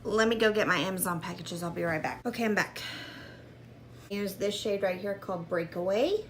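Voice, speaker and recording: A woman's voice: medium pitch, moderate pace, background noise. A woman vlogging a casual makeup tutorial at home, chatting upbeat about each product as she goes. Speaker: beauty vlogger.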